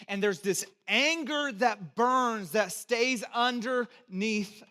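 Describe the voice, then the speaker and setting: A man preaching a sermon as pastor, talking conversationally to the congregation and swinging between loud emphasis and quiet, low asides. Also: takes it slowly, hardly any pauses. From United States (Texas, California). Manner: conversational, invites congregation to repeat words.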